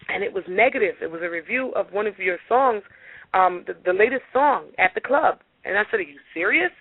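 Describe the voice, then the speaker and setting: A woman singer being interviewed on talk radio, telling stories in a lively way and acting out the dialogue. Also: medium pitch, no echo. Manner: animated, acts out dialogue in her stories. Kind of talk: casual radio interview storytelling. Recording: dry, phone-like radio audio.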